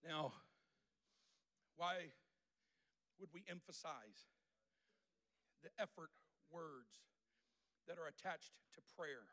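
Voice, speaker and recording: A man's voice: on the high side, slow pace, long pauses, pushed and bright. A male pastor preaching a sermon to a congregation in a church, using repetition and call-and-response.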